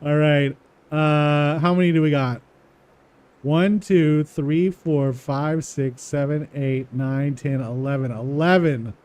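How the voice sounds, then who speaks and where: Guy doing a laid-back coding walkthrough, slow and mellow, mutters words as he types. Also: on the high side. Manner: talks to himself, repeats words slowly while typing, chuckles at prices. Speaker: coding tutorial presenter. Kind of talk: casual live coding walkthrough.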